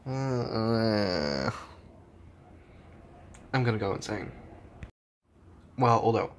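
Young NZ male vlogger, unhurried and meandering, talking into a phone at arm's length. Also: fairly low pitch, a little hiss or hum. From New Zealand. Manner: rambling, trails off, chuckles between thoughts. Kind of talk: casual vlog chat. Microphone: phone held at arm's length.

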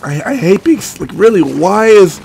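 A sick man with a cracking voice giving rambling, excitable gameplay commentary, swearing often. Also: sits high, normal speed, creaky, a little hiss or hum. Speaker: let's play gamer.

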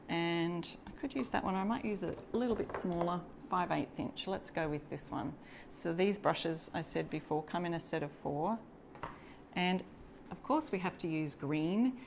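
Chatty Australian woman, lowish voice. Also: slight background noise. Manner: chatty, greets and reads out viewer comments while working. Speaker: DIY crafter hosting a live stencil demo. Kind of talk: casual live tutorial.

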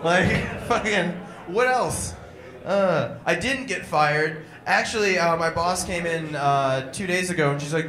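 A man's voice: fairly high pitch, a little slow, a bit bright, roomy sound. A young man performing a crude, irreverent stand-up comedy set, mocking and blunt. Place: comedy club stage.

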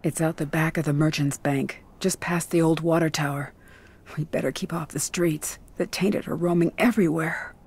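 A woman's voice: sits low, steady tone, normal speed, darkish tone, husky. An actress voicing a frightened young woman in a video game, a minister's daughter who speaks urgently and anxiously.

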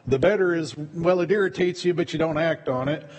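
A male pastor delivers a sermon in a loose, conversational way, often doubling up his words mid-thought. His voice sits a little high and has a husky edge. It rings out with the long reverb of a church sanctuary. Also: brisk, darkish tone. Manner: conversational, repeats words while preaching.

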